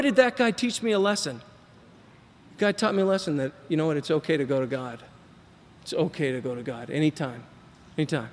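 A man's voice: on the high side, in a large hall. A middle-aged man telling his recovery story to a group, rambling and acting out what people said, with a self-deprecating humor. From Texas. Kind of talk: personal recovery talk to a group.

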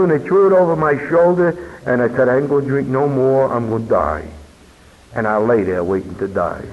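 A man telling his personal recovery story as a meeting speaker, earnest and unhurried, with emphatic pauses. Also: mid-range voice. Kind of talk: personal testimony talk. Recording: dull lo-fi recording with long hall reverb.

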